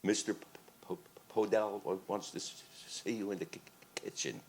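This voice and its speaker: A man's voice: on the low side, moderate pace, darkish tone, a little hiss or hum, close to an everyday voice. An old man imitating a stuttering sound man. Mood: stammering. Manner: heavy stutter.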